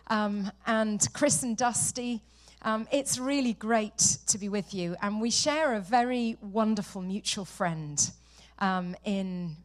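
A woman from London in her forties with an English accent, a guest speaker opening her talk at a church, chatty and self-deprecating. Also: fairly high pitch. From London, England. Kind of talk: sermon introduction. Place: church sanctuary.

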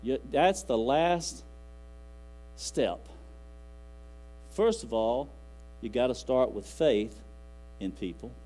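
A man's voice: mid-range voice, lively intonation, slow pace, long pauses, dark tone, poor audio. A man preaching a sermon in a folksy, rambling way, quoting scripture aloud. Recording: faint music and mains hum.

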